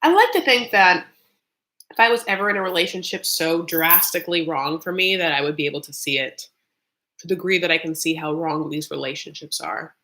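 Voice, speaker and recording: A fairly low-pitched woman delivers casual commentary on her live reaction stream, speaking fairly quickly in a bright, forceful tone. Chatty and sassy, she leans constantly on "like" and "honey."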